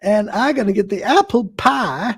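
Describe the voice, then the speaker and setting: A man voicing a simple-minded rural backwoods man who grumbles in a slow drawl with broken grammar. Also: high voice, expressive, creaky, a bit bright, breathy edge, pitched above the performer's own voice, full character voice. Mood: grumbling.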